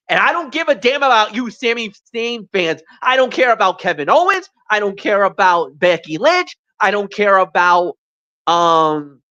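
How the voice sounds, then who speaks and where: A woman's voice: a little high, a bit bright. A woman co-hosting a wrestling show, giving blunt, emphatic opinions in a ranting manner. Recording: dull lo-fi stream audio.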